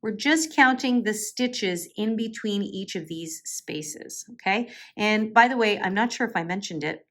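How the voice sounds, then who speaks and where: A woman walks viewers through a crochet tutorial one step at a time. Her tone is patient and chatty, and she keeps checking in to make sure they are following. Her pitch sits in an ordinary middle range. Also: a little slow, hardly any pauses, a bit bright. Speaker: crochet instructor.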